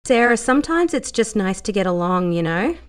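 A woman's voice: mid-range voice, very animated, a little fast, pitched above the performer's own voice, natural voice. A woman voicing a level-headed young dancer, dry and sometimes sarcastic. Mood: firm.

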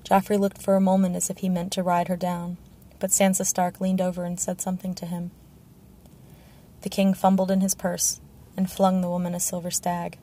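A woman's voice: fairly low pitch, monotone, normal speed, mellow. A woman narrating a fantasy novel as an audiobook, telling the story steadily and evenly. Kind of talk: scripted narration.

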